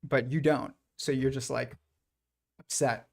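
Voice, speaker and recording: A livestream host with a gravelly, medium-pitched voice talks a little slowly and with fairly even intonation. In his casual monologue he rambles reflectively through his ideas, often using fillers and starting over.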